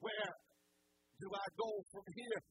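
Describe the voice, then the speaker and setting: A preacher delivering a sermon slowly and emphatically, returning again and again to the same rhetorical questions. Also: medium pitch, fairly even intonation, fairly bright tone, husky, no room sound, low-quality recording.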